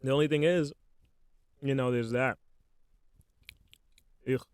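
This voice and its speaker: A man's voice: mid-range voice, steady tone, takes it slowly, clean tone, no echo. Slangy joking man at a podcast mic. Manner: slangy, joking, playful storytelling while eating. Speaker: podcast host. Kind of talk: casual solo podcast banter. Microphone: podcast microphone.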